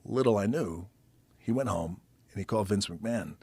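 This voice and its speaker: A man's voice: on the low side, normal speed, gravelly, husky, no room sound. A man as a podcast guest, telling a story casually, swearing freely and acting out what other people said. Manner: profane, animated storyteller acting out others' lines.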